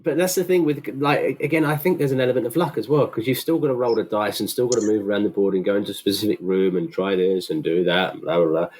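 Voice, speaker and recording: A man co-hosting a casual podcast, teasing and deadpan, often stumbling over restarts. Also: on the low side, fast talker, few pauses. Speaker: podcast co-host. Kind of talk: casual chat.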